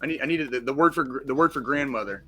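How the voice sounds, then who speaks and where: Brash, profane man with a bright voice. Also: medium pitch, quick pace, slightly rough, soft background music. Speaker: podcast co-host. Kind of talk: casual chat.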